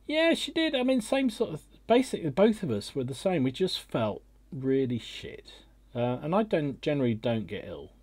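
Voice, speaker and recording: Middle-aged man, podcast host, husky and mellow, dry close sound over a video call, rambling chat. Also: a little high, big pitch swings, normal speed, no room sound. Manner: rambling, self-deprecating, restarts often. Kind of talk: casual chat.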